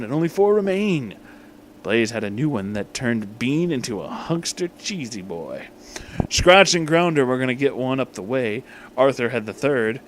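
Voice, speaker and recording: Reading fan fiction aloud for laughs, an irreverent young man curses freely and keeps interrupting himself with joking asides. He has a medium-pitched voice, and a little background noise is present.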